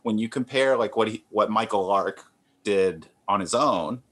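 A man, a comic artist guest, talking in a relaxed, rambling, self-deprecating way with many fillers and restarts. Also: lowish voice, a little slow, breathy edge. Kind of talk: relaxed conversational interview.

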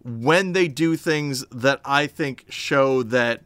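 A man co-hosting a podcast in casual chat, explaining at length in an animated, rambling way with many restarts. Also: mid-range voice, slow, smooth, no echo. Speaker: podcast co-host.

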